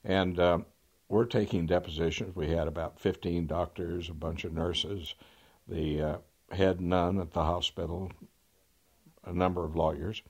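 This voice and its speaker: An older man, a trial lawyer, telling courtroom stories in a dry, wry way, often clearing his throat. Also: sits low, steady tone, measured pace, darkish tone. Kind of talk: anecdotal storytelling.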